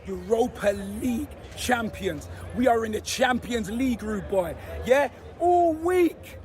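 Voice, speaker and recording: A man with a hoarse, nearly lost voice, loudly roasting rival football fans in street slang. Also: high voice, a little slow, a little hiss or hum. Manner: loud, shouty, slang-heavy roasting. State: hoarse, voice almost gone.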